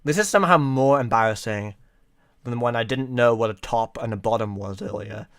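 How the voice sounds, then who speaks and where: A man's voice: medium pitch, fairly quick, clear, resonant tone, no room sound. A man streaming live, chatting playfully with his viewers and often breaking into laughter. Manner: playful, giggly, addresses chat. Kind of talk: casual live-stream chat.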